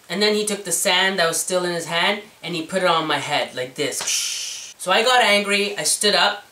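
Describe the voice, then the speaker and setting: Man in his forties, whiny girly voice, bright tone, echoey room, away from the mic. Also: sits high, normal speed, few pauses, distant mic. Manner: self-deprecating, chatty storytelling. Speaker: vlogger. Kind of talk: storytelling vlog.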